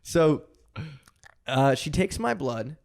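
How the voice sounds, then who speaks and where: Young man telling a story, animated. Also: fairly high pitch, slow, creaky. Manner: animated, acts out quoted voices, laughs often. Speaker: podcast host telling a story. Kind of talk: casual storytelling among friends.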